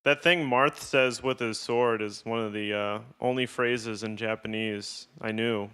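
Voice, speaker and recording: A man from the US Midwest co-hosting a casual comedy podcast, talking in a deadpan, sarcastic way with plenty of swearing. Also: on the low side, unhurried, smooth. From Illinois, US Midwest. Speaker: podcast co-host.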